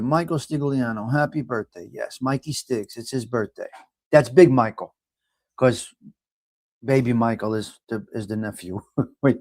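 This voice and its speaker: A man's voice: medium pitch, no echo. A man with a New York accent hosting a casual morning chat, rambling and repeating himself as he reads a horoscope and talks to viewers. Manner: rambling, repetitive and chatty, often addresses viewers by name. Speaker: host.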